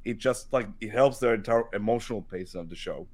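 A man co-hosting a podcast, thinking out loud in a rambling, casual way. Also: lowish voice, fairly quick. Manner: rambling, thoughtful, lots of fillers. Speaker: podcast co-host.

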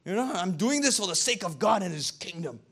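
A preacher doing a pushy zealous Pharisee. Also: male voice, high-pitched, big pitch swings, fairly quick, fairly bright tone, exaggerated voice. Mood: urging. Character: zealous young Pharisee man egging on.

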